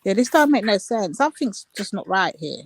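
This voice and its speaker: A woman's voice: medium pitch, big pitch swings, brisk. A woman co-hosting a casual livestream, gossiping animatedly and firing off questions. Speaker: livestream co-host.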